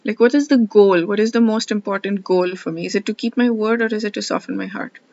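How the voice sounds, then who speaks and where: A woman's voice: medium pitch, fast talker, vocal fry, mellow. A woman talking through her thoughts in a reflective personal vlog, rambling and heartfelt, often quoting her own thoughts. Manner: rambling, heartfelt, self-questioning; frequent fillers and restarts, quotes her own thoughts. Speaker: vlogger studying scripture. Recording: slightly dull lo-fi audio.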